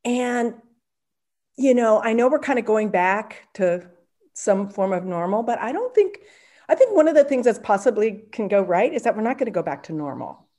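Animated middle-aged woman guest. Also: a little high, moderate pace. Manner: animated, reflective, laughs while talking. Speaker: podcast guest, permaculture teacher. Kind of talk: casual interview answer.

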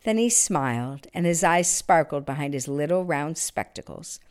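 Expressive woman reading a storybook aloud. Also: low voice, moderate pace, clean tone. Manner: expressive, drops to hushed near-whispers.

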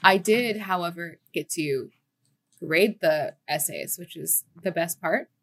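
A woman's voice: fairly low pitch, slow pace. A young woman who teaches children abroad, chatting casually and giggling as she tells stories on a podcast. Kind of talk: casual chat.

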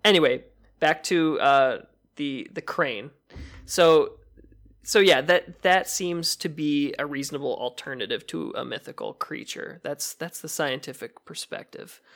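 A man's voice: fairly high pitch, measured pace, vocal fry, fairly bright tone. A man from Michigan co-hosting a casual podcast chat, talking with many fillers and restarts. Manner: hesitant, lots of fillers and restarts. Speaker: podcast co-host.

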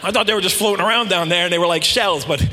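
A man preaching to a congregation, joking and animated, telling stories in a relaxed way. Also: high-pitched, racing, in a large hall, faint music behind. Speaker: pastor. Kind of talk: sermon.

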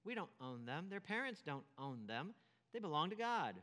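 A man's voice: on the high side, very animated, normal speed, bright, forceful tone, in a large hall. A man preaching a sermon as pastor, emphatic, repeating key phrases and asking rhetorical questions.

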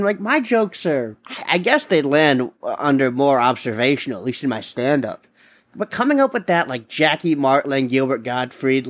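Profane rambling male podcast host. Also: mid-range voice. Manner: profane, rambling rant with many restarts. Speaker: podcast host and stand-up comedian. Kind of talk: casual comedic monologue.

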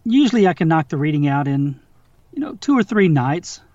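Audiobook narrator, male, relaxed and chatty, slightly high voice, very dry, dull recording. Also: brisk, dry recording. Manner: relaxed, chatty, restarts often. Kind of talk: casual interview chat. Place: home backyard studio.

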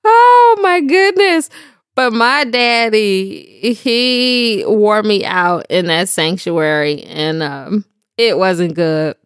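A woman's voice: mid-range voice, steady tone, slow pace, a bit bright, clear, resonant tone, dry recording, clean studio sound. A middle-aged woman telling a humorous devotional story in a slangy, playful way, often laughing. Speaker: devotional speaker.

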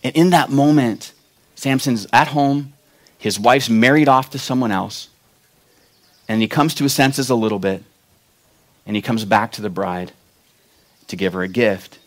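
Animated male pastor telling a Bible story. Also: mid-range voice, measured pace, pauses often. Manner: storytelling with acted-out quotes, rising to loud emphatic peaks. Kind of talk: sermon.

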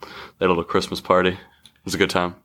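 A man's voice: low-pitched, monotone, rapid-fire, a bit bright. A young man in his twenties, the host's younger brother, giving short, laconic answers in casual chat.

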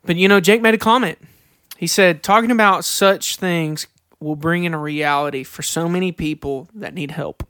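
A high-pitched man talks earnestly on a faith podcast, sharing candid stories and slowing down to read scripture aloud. The sound is close and dry, with no room around it. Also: pushed and bright, clear, resonant tone, no room sound. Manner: earnest, reads scripture slowly, confessional storytelling. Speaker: podcast co-host.

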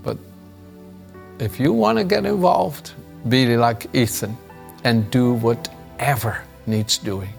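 A man's voice: medium pitch, takes it slowly, vocal fry, long pauses, soft background music. A man preaching a devotional sermon, reading scripture and telling stories in an earnest way with frequent chuckles. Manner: earnest storytelling, chuckles often.

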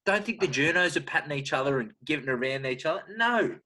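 A man's voice: a little high, expressive, fast talker, bright, forceful tone. A young Australian man on a comedy podcast, ranting crudely with sarcastic mock outrage. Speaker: podcast co-host. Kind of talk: comedic rant.

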